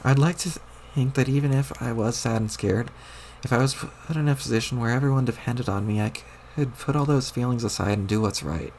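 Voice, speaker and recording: A man's voice: medium pitch, a little fast, a little mellow, slight background noise, natural voice. A man reading a webcomic aloud, putting on the voice of a bossy, exasperated young girl who scolds and swears. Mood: earnest.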